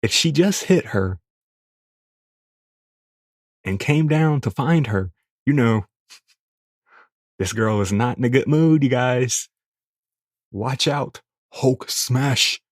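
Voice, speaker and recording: A young man, hosting a podcast and telling a crude, profane story in a casual, animated way. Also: medium pitch, slow pace, long pauses, no room sound, studio quality. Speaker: podcast host.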